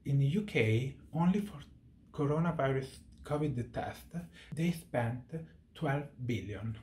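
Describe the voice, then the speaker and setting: A man in his thirties speaking to camera in an earnest, heartfelt way, often pausing to search for words. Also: mid-range voice, animated, a little mellow, echoey room. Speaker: vlogger. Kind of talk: personal monologue to camera.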